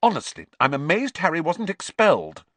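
A man's voice: a little high, huge pitch swings, brisk, a bit bright, no room sound, voice pushed up, exaggerated voice. A man voicing an earnest, bossy teenage girl who speaks in a serious, precise and slightly superior way.

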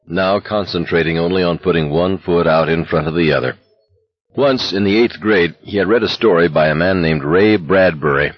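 A male narrator reads a novel in a steady, intense voice. His tone is very low and husky, with a dry, close sound. The recording itself is dull and lo-fi. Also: no room sound. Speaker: audiobook narrator. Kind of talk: scripted narration.

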